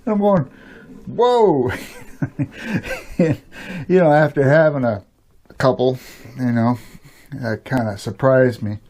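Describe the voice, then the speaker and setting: Older man, mellow, rambling storyteller. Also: medium pitch, takes it slowly, long pauses. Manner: rambling, chuckles often, many "you know" fillers. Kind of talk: casual spoken storytelling.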